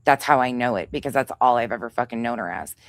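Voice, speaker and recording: A woman with a very deep voice speaks fast on a dry recording while hosting a livestream. In a heated rant full of profanity, she angrily and confrontationally calls out another creator and reads chat names out loud.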